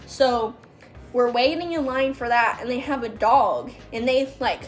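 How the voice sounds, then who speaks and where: A young woman with a slightly high voice tells stories of her days as a background extra in a loose, chatty way. She fills her talk with fillers and acts out what others said. Soft music plays faintly under her voice. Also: normal speed. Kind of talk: casual storytelling.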